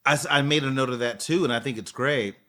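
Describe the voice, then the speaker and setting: A man's voice: mid-range voice, fast talker. A man co-hosting a podcast, chatting casually and acting out little scenes as he argues his point. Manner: animated, acts out little scenes. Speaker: podcast co-host. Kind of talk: casual chat.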